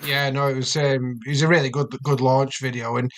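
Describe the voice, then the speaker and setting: Wry, measured male panelist. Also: mid-range voice, flat delivery. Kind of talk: casual panel chat.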